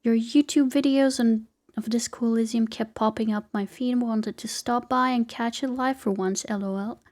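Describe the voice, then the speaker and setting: A woman's voice: fairly high pitch, steady tone, moderate pace, a little mellow. A young woman streaming a game live, chatting playfully with viewers and swearing casually.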